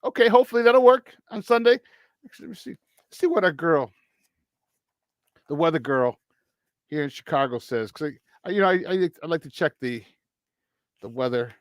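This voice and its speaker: High-voiced, animated man hosting sports talk. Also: no room sound. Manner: animated, jokey, quick laughs and restarts. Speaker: sports talk show host. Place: radio studio.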